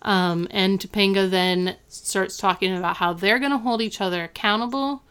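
A woman with a smooth, clear voice recaps a TV episode on a podcast. She talks in a loose, chatty way and drops "like" between her phrases. Her pitch sits in an ordinary middle range. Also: steady tone, moderate pace, fairly bright tone. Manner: chatty, frequent "like" fillers. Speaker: podcast co-host.

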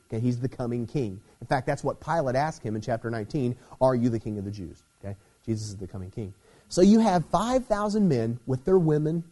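A man delivers a sermon in a relaxed, conversational style and often checks in with a quick "okay?". His voice sits at an ordinary middle pitch and has a warm, mellow tone. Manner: conversational preaching with frequent "okay?" check-ins. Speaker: pastor.

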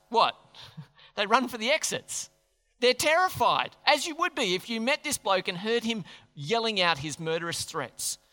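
High-voiced, bright preacher. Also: male voice. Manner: chatty, jokey, asks the crowd questions. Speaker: pastor. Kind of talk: sermon. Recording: long hall reverb.

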